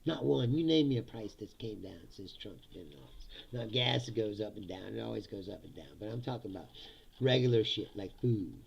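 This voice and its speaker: A man hosting a casual political rant, sarcastic and laughing often, swearing and mocking his opponents in put-on high voices. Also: expressive, fairly quick, gravelly, husky, highs cut off. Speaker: political commentary host.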